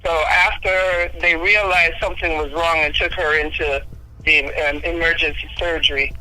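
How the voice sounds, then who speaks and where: Earnest woman in her fifties, bright voice. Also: deep voice, steady tone, faint music behind, rough recording. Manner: earnest, unhurried storytelling. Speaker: guest. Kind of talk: telling a personal life story.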